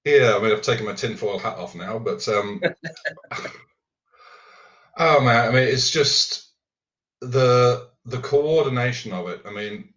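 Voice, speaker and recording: A man's voice: medium pitch, measured pace, pauses often, fairly bright tone. A man hosting a casual chat, talking hesitantly with restarts and fillers. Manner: hesitant, restarts and fills often. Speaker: show host. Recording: echoey muffled audio from a distant mic.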